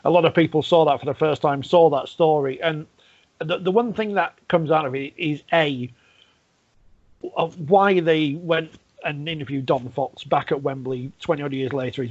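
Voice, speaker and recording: A man's voice: on the high side, creaky, breathy edge. A man hosting a podcast in casual chat, wry and teasing. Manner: wry, teasing, laughs between points. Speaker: podcast host. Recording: dull, lo-fi remote line.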